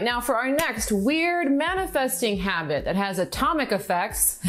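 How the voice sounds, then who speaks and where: A middle-aged woman coaching on manifestation in an upbeat, instructive vlog style, slowing down to stress key words. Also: mid-range voice. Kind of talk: direct-to-camera teaching vlog.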